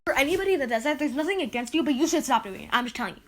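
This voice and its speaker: High-voiced woman ranting on a podcast. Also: sing-song, rapid-fire. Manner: rambling and exasperated, with many "like"s. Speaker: podcast host. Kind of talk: casual solo podcast rant.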